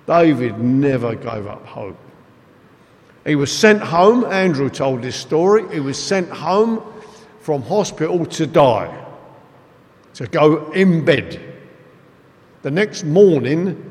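A man preaching a sermon, telling stories in an animated, emphatic way. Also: mid-range voice, gravelly. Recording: echoey hall with long reverb.

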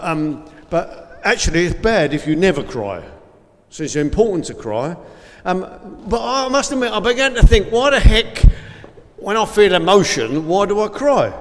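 A man giving an informal school assembly talk, rambling and chatty with lots of fillers, and reading aloud from the Bible. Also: a little high. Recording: long hall reverb.

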